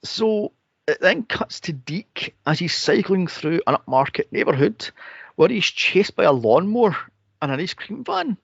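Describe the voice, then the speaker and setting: A man co-hosting a film podcast, sarcastic and profane, mocking characters with shrill impressions. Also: very animated, measured pace, creaky, husky, no echo. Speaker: podcast co-host reviewing a film. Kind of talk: casual chat. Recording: dull lo-fi dry podcast audio.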